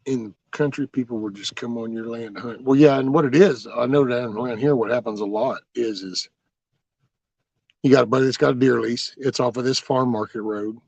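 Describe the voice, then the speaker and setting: A man's voice: mid-range voice, fairly quick, vocal fry, a little mellow, no echo, highs cut off. A man hosting a livestream, rambling through folksy stories with mild cursing as he answers viewer comments. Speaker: livestream host.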